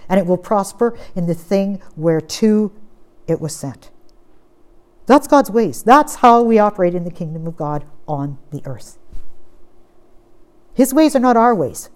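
A woman preaching a sermon, reading scripture aloud and pressing points with strong stress that drops to quiet, steady lines. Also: lowish voice. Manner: emphatic, swings from loud stress to quiet.

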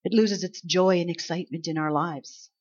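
A woman preaching a conversational Easter sermon, acting out quoted lines with lively emphasis. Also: on the low side, moderate pace, husky. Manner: conversational, animated, acts out angels' lines. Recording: slightly dull lo-fi sound.

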